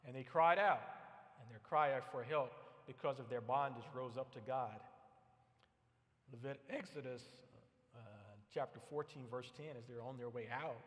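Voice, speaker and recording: A man's voice: medium pitch, moderate pace, fairly bright tone, long reverb tail. A man preaching a sermon as pastor, earnest and often repeating words as he builds a point. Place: church sanctuary.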